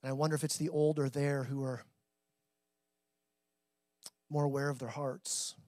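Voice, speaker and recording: A man's voice: mid-range voice, flat delivery, moderate pace, a little mellow, no echo. A man preaching a sermon to his church in a conversational way, repeating words as he builds and drops his intensity. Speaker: pastor.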